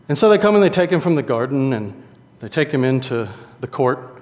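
A man preaching a sermon in a conversational, animated storytelling way. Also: mid-range voice, fairly quick, hardly any pauses. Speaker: pastor. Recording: long hall reverb.

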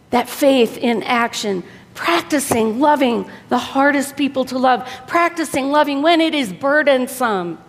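A woman preacher giving an earnest, exhorting sermon, often dropping soft for emphasis. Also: sits high, expressive, a little slow. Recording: long hall reverb.

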